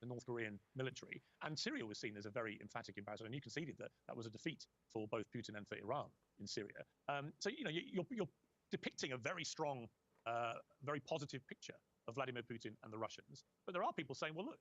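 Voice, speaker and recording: A man's voice: mid-range voice, lively intonation, fast talker, fairly bright tone, no room sound, highs cut off. A man hosting an interview, pushing back on his guest with challenging questions. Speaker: interview host.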